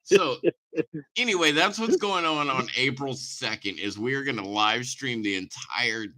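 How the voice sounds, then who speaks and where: A man's voice: mid-range voice, animated, unhurried, sharp tone, low-quality recording. A man in his forties hosting a podcast, tipsy and rambling, with a jokey, profane way of talking. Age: 40s. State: tipsy from drinking wine. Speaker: podcast host. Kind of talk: casual chat.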